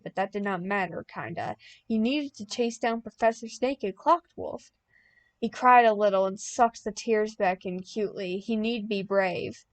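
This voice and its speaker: A young woman reading a fan-written story aloud as an audiobook, plain and deadpan, bursting out loud in the dialogue. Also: mid-range voice. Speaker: audiobook reader.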